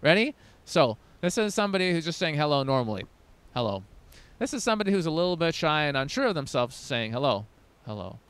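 A man in his thirties gives a dating lesson in a high, smooth voice. He talks emphatically and lets his pitch swing widely, bursting into loud demonstrations. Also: big pitch swings, fast talker. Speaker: dating coach. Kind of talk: energetic coaching talk to camera.

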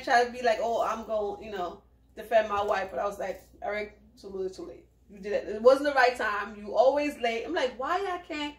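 A woman with a high voice, chatting with animated energy and acting out what people said on the show. She sits a little away from the mic, and the room rings with echo. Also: recorded from a distance. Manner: animated, laughs often, acts out quotes. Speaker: co-host of a reality show review. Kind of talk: casual chat.

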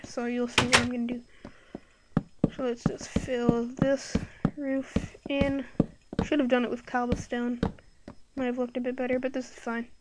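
A woman's voice: on the high side, background noise. A woman giving casual commentary while playing a game, rambling and thinking aloud with lots of fillers, recorded on a computer microphone. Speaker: gameplay video creator.

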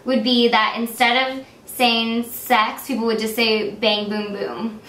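A woman's voice: a little high, flat delivery, measured pace, fairly bright tone. A young woman hosting a casual comedy vlog, giggling often as she reads viewer comments aloud and chats with her co-host. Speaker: YouTube comedy duo host. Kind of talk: casual comment-reading chat. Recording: echoey room with noise.

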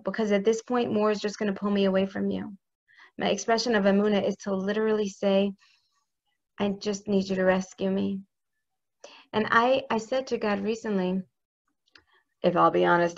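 Earnest woman with a gravelly voice. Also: medium pitch, muffled recording. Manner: intimate, earnest, speaks prayers aloud. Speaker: religious teacher. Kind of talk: heartfelt spiritual talk.

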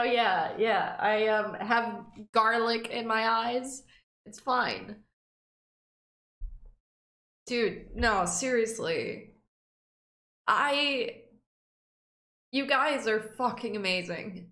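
A young woman streamer talks in a slow, unhurried way, emotional and teary, with plenty of swearing. Her voice is bright and a little high. The room around her sounds echoey. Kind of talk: casual reaction stream.

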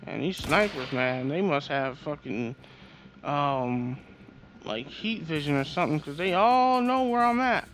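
A man's voice: fairly high pitch, expressive, unhurried, fairly bright tone, slight background noise. A man casually commentating a shooter game as he plays, swearing and trash-talking the enemies. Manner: profane, frustrated trash talk at enemies. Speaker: gameplay streamer. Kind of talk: casual let's-play commentary. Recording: game music playing underneath.

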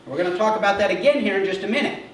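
A man's voice: sits high, very fast. A man preaching a sermon as the church's pastor, in a conversational way that keeps checking in with "okay?". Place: church sanctuary. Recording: echoey church sound heard from a distance with faint noise.

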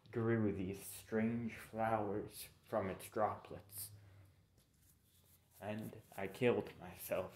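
A man's voice: fairly low pitch, slight background noise. A young man casually narrating a fan story, rambling and correcting himself with informal asides. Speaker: channel narrator.

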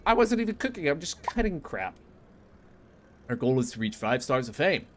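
A young man playing a cooking game and commenting as he goes, frantic and sarcastic, jumping from low mutters to squeaky outbursts. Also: big pitch swings, normal speed, slight background noise. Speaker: gaming youtuber. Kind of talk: casual gameplay commentary.

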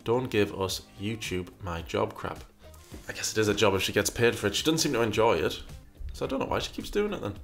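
A man's voice: on the low side, animated, a little fast, creaky, faint music behind. A man hosting a casual commentary show, reading out viewer questions and answering them in a rambling, wry way with lots of restarts. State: burpy after breakfast.

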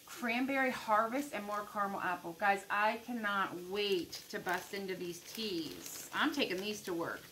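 Excitable bright-voiced woman vlogger. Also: medium pitch, a little hiss or hum, poor audio. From United States. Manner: gushing, excitable, addresses viewers as guys. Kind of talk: casual unboxing chat.

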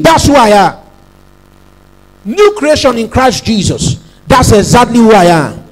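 A man's voice: very high-pitched, lively intonation, normal speed, low-quality recording. A man preaching a sermon as pastor, emphatic, repeating phrases and prompting the congregation to say lines back.

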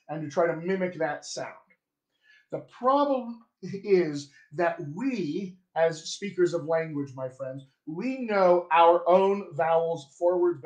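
A man coaching dialects in a live-streamed lesson, playful and chatty with a fairly high voice. He talks to viewers with easy humor. The sound is roomy and echoey. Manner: playful, chatty, laughs at himself. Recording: echoey room.

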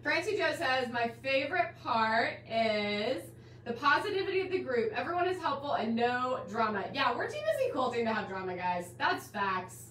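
A woman's voice: high-pitched, lively intonation, moderate pace, fairly bright tone. A woman hosting a live online quilting class stream, gushing and bubbly as she welcomes viewers and calls them guys and my dear. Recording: roomy, slightly distant with faint background hiss.

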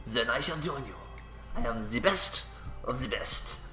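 A man's voice: medium pitch, steady tone, fast talker, roomy sound, music in the background, close to an everyday voice. A man voicing a boastful male barber with an exaggerated mock French accent in a game playthrough.

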